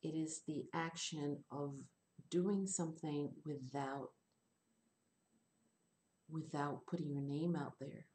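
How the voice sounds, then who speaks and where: A woman teaching English in an online class, explaining slowly and rephrasing her points. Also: sits low, steady tone, a little mellow, slight background noise.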